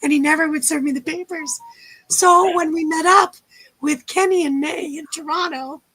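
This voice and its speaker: A woman telling lively stories on a casual livestream chat and acting out the people in them. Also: high voice, normal speed. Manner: animated storyteller, acts out quotes. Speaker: guest storyteller.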